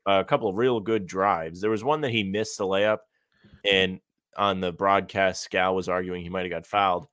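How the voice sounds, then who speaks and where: A man with a lowish voice co-hosting a sports podcast, walking through plays in a steady, measured way. His voice sits close to the mic in a dry, dead space. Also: no echo. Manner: steady, measured game analysis with short asides. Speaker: podcast co-host. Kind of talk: casual sports podcast analysis.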